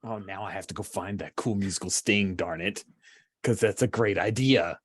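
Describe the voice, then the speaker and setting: A man's voice: low-pitched, moderate pace, breathy edge. A man narrating as game master for a tabletop superhero game, chatty and enthusiastic.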